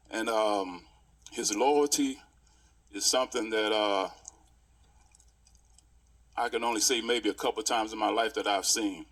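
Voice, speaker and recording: A man in his sixties, a pastor, giving a heartfelt memorial tribute and reminiscing in stories with many pauses. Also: lowish voice, a bit bright.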